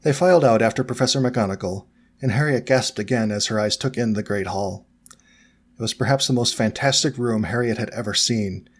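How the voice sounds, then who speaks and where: A man narrating a fan fiction audiobook in a steady, even storytelling manner. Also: on the low side, brisk.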